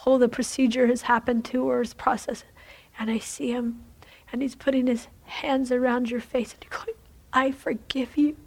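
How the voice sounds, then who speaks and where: A woman's voice: a little high, flat delivery, moderate pace, darkish tone. A woman leading a fervent prophetic prayer, repeating phrases and often dropping into a whisper. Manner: fervent, repetitive, slipping into whispers. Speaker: prayer leader.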